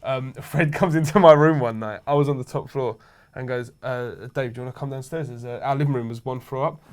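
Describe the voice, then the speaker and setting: A man's voice: mid-range voice, fairly even intonation, fairly quick, clear, resonant tone. A young man telling rowdy anecdotes in casual chat, swearing freely and laughing as he goes. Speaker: show regular.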